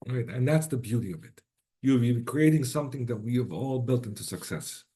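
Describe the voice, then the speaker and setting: A man closing out an online presentation in a voice that has gone a little hoarse. He talks informally with restarts and keeps checking in with his listeners. His pitch sits mid-range. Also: expressive, fairly quick, warm tone. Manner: informal, many restarts and rhetorical "right?". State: slightly lost voice.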